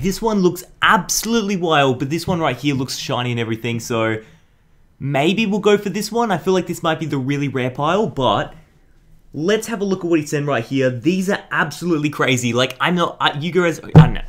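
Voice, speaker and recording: A young man hosting an excited card unboxing, hyped and full of slang. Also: on the high side. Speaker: YouTube host.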